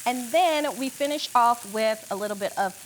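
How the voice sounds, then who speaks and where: A woman's voice: a little high, normal speed, a little hiss or hum. A woman chef doing a cooking demonstration in a studio kitchen, upbeat and gushing. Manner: upbeat, gushing, says "beautiful" a lot.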